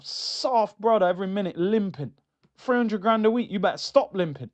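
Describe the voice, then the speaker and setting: A man hosting a football fan channel, ranting in a mocking, slangy, animated way. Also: sits high, normal speed. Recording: dull lo-fi sound.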